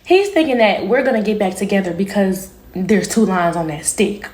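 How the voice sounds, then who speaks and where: A woman telling her viewers a personal story in a candid, slangy, animated way. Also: medium pitch, moderate pace, reverberant. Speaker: storytime vlogger. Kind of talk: casual storytime monologue.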